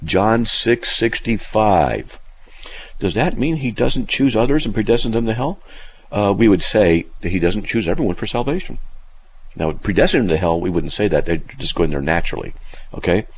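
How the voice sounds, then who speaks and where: A man hosting a casual talk radio show and answering listener emails. He is animated, laughs often, argues with rhetorical questions and acts out the people he quotes. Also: lowish voice, normal speed, a little hiss or hum. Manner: argumentative, asks rhetorical questions.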